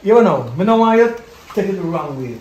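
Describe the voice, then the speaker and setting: A man's voice: high-pitched, sing-song, fairly quick, darkish tone, highs cut off. A man with a Jamaican accent playing a boyfriend who rambles through excuses in patois, in a Jamaican film. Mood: sheepish. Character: sheepish Jamaican young boyfriend. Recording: echoey room, distant mic, faint noise.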